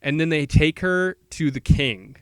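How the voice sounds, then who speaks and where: A man co-hosting a podcast, rambling through a movie plot and slipping into quick quoted voices for the characters. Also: a little high, animated, smooth, no echo, studio quality. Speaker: podcast co-host. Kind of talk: casual movie recap chat.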